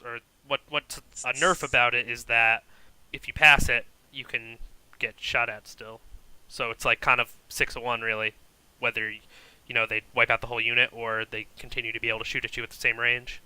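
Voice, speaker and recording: Bright, smooth-voiced man teasing his co-host. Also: medium pitch, level tone, normal speed, no echo, low-quality recording. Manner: skeptical, teasing, many "like" fillers. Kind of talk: casual gaming chat.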